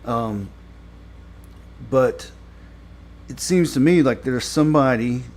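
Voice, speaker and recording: A man with a mid-range, somewhat mellow voice talks slowly through a casual review of a TV episode. He rambles, leans on lots of fillers, and sounds exasperated whenever he complains.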